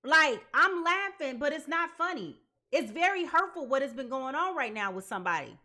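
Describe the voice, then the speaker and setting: A woman giving a live tarot reading to her viewers, talking in an animated, dramatic way. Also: high-pitched, normal speed. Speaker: tarot reader.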